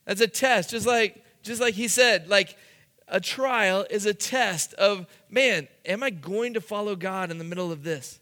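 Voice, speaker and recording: A man's voice: high voice, unhurried, pushed and bright, in a large hall. A man preaching a youth sermon, telling a funny school story and acting out the quotes. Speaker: youth pastor.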